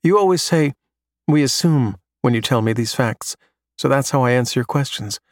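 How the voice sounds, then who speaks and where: A man voicing a bright young male pupil who recites facts eagerly. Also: mid-range voice, moderate pace, no echo, studio quality, lightly acted. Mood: earnest.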